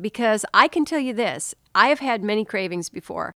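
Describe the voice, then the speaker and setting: A middle-aged woman hosting a podcast, telling a story casually and animatedly, with quick pitch jumps when she quotes people. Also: lively intonation, fairly bright tone, no room sound, studio quality. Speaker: podcast host.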